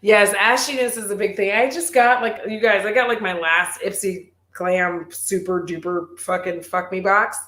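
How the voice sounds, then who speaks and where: A woman's voice: medium pitch, steady tone, moderate pace, few pauses, a bit bright. A woman beauty creator talks loosely on a live chat, telling rambling stories packed with swearing and filler words. Her voice carries a noticeable room echo around it. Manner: profane, rambling storytelling with lots of "like". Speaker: beauty youtuber. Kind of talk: casual livestream chat.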